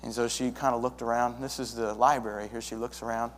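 A man's voice: mid-range voice, little pitch movement, brisk, a little hiss or hum. A young man planting a church, telling his story to a congregation in a folksy way and acting out the dialogue. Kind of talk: testimony to a congregation. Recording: long hall reverb.

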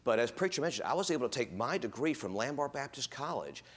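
A man's voice: medium pitch, sing-song, fast, a bit bright, breathy edge. A man in his fifties, speaking as a guest at a church in a folksy, rambling way, full of fillers and restarts. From United States. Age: 50s. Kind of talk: informal church talk.

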